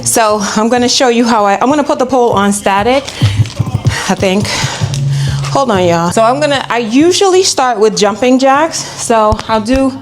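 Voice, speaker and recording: A woman's voice: a little high, lively intonation, moderate pace, soft background music. A woman talking casually to camera while she trains, chatty, and at times out of breath from moving. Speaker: vlogger. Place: home pole studio room.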